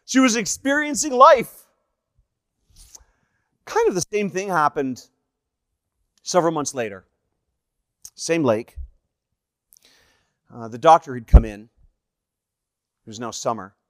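A man's voice: a little high, takes it slowly, long pauses, no echo, clean studio sound. Canadian man telling stories in a sermon. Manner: animated, acts out dialogue in the stories. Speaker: evangelist. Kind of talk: sermon storytelling.

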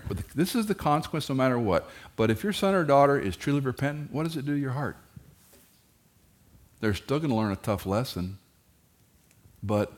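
A middle-aged man preaching a sermon, animated and joking, who jumps into high mock voices when quoting kids and parents. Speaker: pastor.

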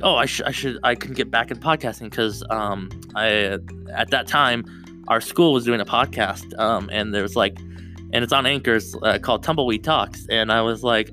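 A man's voice: mid-range voice, normal speed, bright, forceful tone, faint music behind. A young man hosting his own podcast, rambling casually and restarting his sentences often, close to the mic. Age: young adult. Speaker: podcast host. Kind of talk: solo podcast chat.

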